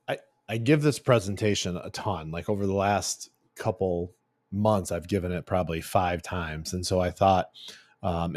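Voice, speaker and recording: A man's voice: low voice, a little mellow, dry recording. A middle-aged man giving a casual branding presentation, chatty and full of fillers and restarts. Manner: chatty, filler-heavy, self-correcting. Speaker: agency CEO giving a branding talk.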